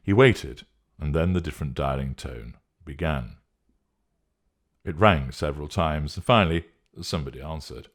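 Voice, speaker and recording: A man narrating a story in a steady, measured reading voice. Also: very deep voice.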